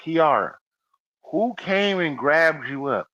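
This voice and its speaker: A man's voice: on the high side, expressive, slow pace, pushed and bright, dry recording, highs cut off. A man co-hosting a casual podcast, boasting and joking, often repeating himself. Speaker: podcast co-host. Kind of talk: casual chat.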